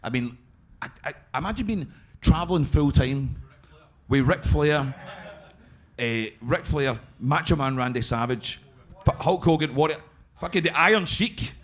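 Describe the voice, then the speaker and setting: A man's voice: on the high side, measured pace, a bit bright. A Scottish man co-hosting a live podcast, chatting enthusiastically and swearing freely. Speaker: podcast co-host. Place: brewery event space with live audience.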